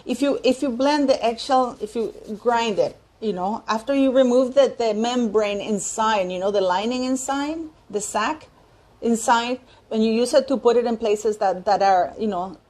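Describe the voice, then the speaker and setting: A woman's voice: on the high side, normal speed, darkish tone. A woman in her fifties hosting her own channel, talking casually and giving strong opinions, often restarting sentences and searching aloud for words. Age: 50s. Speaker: channel host. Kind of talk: opinionated commentary vlog.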